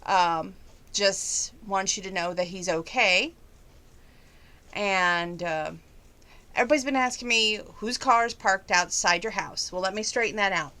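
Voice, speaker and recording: A woman's voice: medium pitch, unhurried, bright, forceful tone, clear, resonant tone. A middle-aged woman giving a chatty, folksy personal update to her viewers, holding back emotion. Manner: chatty and folksy, trying not to get emotional. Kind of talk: casual chat to viewers.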